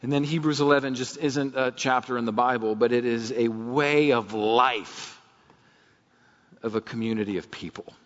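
A man's voice: medium pitch, normal speed, a bit bright. A man preaching a sermon as pastor, earnest and fervent, putting rhetorical questions to his congregation in a church sanctuary. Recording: long reverb, dull lo-fi sound.

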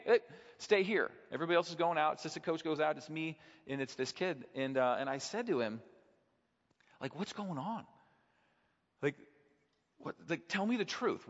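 A man's voice: mid-range voice, fairly bright tone. A man preaching a sermon, telling a personal story and building to fervent, passionate peaks. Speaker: pastor. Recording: dull sound in a hall with long reverb.

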